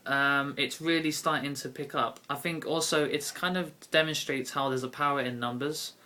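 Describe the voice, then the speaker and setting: A man's voice: a little high, fairly even intonation, normal speed, bright, forceful tone. A young man with a British accent, talking casually to camera in a rambling vlog full of ums and restarts. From Britain. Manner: rambling, many fillers and self-corrections. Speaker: YouTube card game vlogger.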